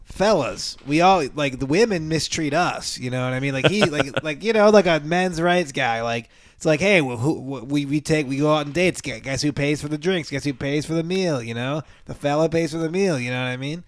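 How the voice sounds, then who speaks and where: A man's voice: on the high side, brisk, dry recording. A man co-hosting a podcast in casual chat, joking crudely and laughing often. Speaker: podcast co-host.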